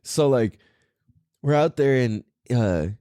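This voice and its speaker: A man's voice: medium pitch, lively intonation, slow, mellow, dry recording, clean studio sound. A young man hosting a podcast in a casual monologue, full of surfer slang, swearing and "like" and "dude". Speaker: podcast host.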